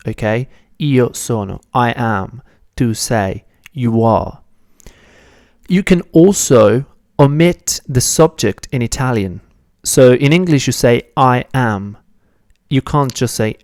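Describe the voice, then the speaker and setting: A man's voice: mid-range voice, no room sound, clean studio sound. A man teaching a beginner language lesson, patiently explaining step by step and correcting his own slips. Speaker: Italian teacher.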